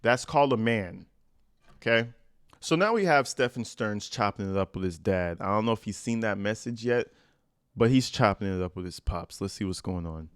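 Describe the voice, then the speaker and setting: A man's voice: fairly low pitch, lively intonation, normal speed, clean tone. A man hosting a reaction channel, reading letters aloud and breaking in with blunt, profane, mocking commentary.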